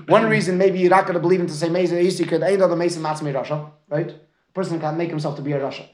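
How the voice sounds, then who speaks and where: Fast-talking man teaching Talmud. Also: fairly high pitch, reverberant. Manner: keeps checking in with "right?"; mixes Aramaic and Hebrew terms into English. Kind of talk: lecture with student questions.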